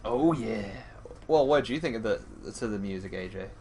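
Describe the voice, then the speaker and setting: A man hosting a casual podcast chat, rambling with many restarts and getting excitable. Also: on the low side, moderate pace, slight background noise. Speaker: podcast host.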